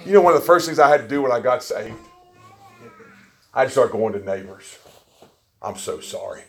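A man preaching a sermon, telling stories with folksy, joking asides and swinging between quiet remarks and loud emphasis. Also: medium pitch, expressive, fast talker, a little hiss or hum.

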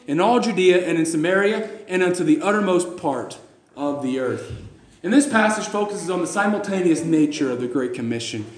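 A man preaching a sermon, emphatic, repeating phrases and restarting often, reading scripture in old-fashioned wording. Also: sits high. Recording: echoey church hall.

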